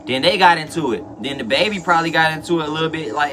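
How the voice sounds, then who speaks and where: A man's voice: on the high side, rapid-fire, noisy background. Slangy young man reacting to clips. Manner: slangy, rambling, addresses chat directly. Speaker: reaction video host. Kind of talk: casual reaction commentary.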